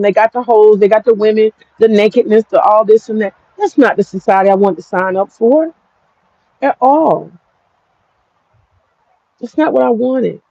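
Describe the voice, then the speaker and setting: A woman's voice: fairly high pitch, mellow, no room sound, muffled recording. An American woman with an African American English accent, telling a personal story in a frank, profane, rambling vlog. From United States. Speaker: vlogger.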